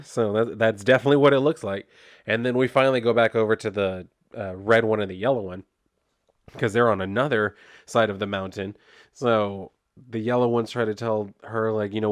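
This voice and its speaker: A man's voice: lowish voice, steady tone, a little fast, dry recording, clean studio sound. Laid-back man rambling through a comic review. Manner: chatty, laid-back, heavy use of "like", loose retelling. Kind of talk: casual spoken review.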